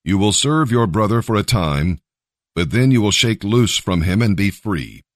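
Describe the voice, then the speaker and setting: Solemn old dad figure, deep voice but lots of swing in it, man reading it out. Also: sing-song, normal speed, no echo, clean studio sound. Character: elderly father, solemn patriarch.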